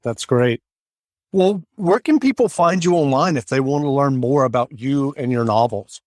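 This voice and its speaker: A man's voice: mid-range voice, animated, moderate pace, a little mellow, no room sound. Podcast host guy, casual, trips over words a bit, dry close mic. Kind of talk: interview podcast.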